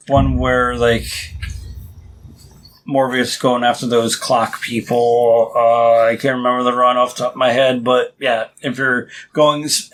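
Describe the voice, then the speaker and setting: A man's voice: medium pitch, fairly bright tone, poor audio. A man as a guest on a podcast, chatting casually in a laid-back way with short agreeing replies.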